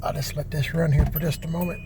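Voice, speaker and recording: A man's voice: fairly high pitch, flat delivery, fast. An older man, rambling in a folksy way with many fillers as he narrates his vlog outdoors among cars. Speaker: channel host. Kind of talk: casual vlog narration while moving cars. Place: outdoors in a yard, in and around cars. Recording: noisy outdoor recording with car sounds.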